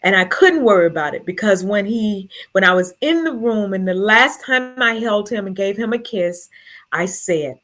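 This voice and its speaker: A woman speaks to a group in an earnest, heartfelt way, sharing her story at her own pace. Her voice stays in a middle pitch, and she sounds close to tears as she pushes on. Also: moderate pace, fairly bright tone. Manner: earnest, emotional, fighting back tears. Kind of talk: personal storytelling to an audience.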